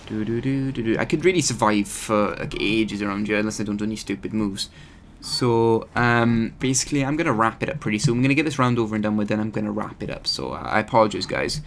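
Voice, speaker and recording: A man's voice: on the low side, expressive, quick pace, creaky, hardly any pauses, a little hiss or hum. A man hosting his gaming channel, giving rambling, chatty live commentary over his gameplay and often correcting himself.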